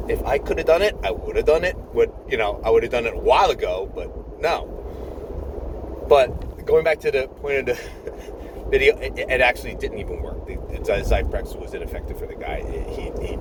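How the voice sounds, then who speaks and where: A man's voice: medium pitch, expressive, normal speed. Rambling man in his fifties, road noise. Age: 50s. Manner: rambling, with many restarts and chuckles. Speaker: nurse vlogger. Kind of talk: rambling storytelling vlog.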